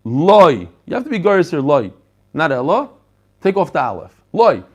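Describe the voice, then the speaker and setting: Brief: middle-aged male rabbi, high voice, animated Talmud lecture peppered with Hebrew terms. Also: moderate pace, slightly rough. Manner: animated, mixes English with Hebrew and Yiddish terms, talks to listeners directly. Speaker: rabbi teaching a daily Talmud page. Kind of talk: lively Talmud class lecture.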